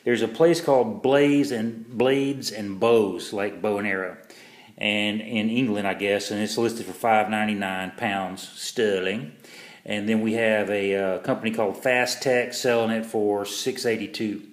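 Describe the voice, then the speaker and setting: A man's voice: fairly low pitch, steady tone, a little slow, roomy sound. A man reviewing a pocket knife in a casual vlog, rambling and self-deprecating, with lots of fillers and restarts.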